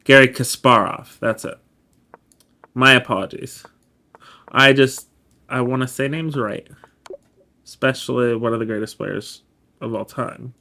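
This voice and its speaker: A man's voice: mid-range voice, steady tone, a little slow, gravelly, pauses often, pushed and bright. A man giving casual chess study commentary, laid-back and explanatory, often correcting himself as he goes. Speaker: chess streamer.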